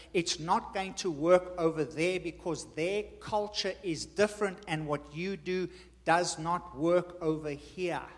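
A man with a notably high voice delivers a sermon. He hammers his points home by repeating them in an emphatic teaching cadence. His voice carries a long reverb from the church hall. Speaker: preacher.

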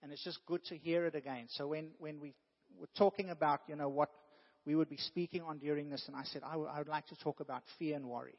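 A man's voice: a little high, fairly even intonation, fast talker. A man preaching a sermon in an earnest way, rising now and then to emphatic bursts. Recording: dull sound with long hall reverb.

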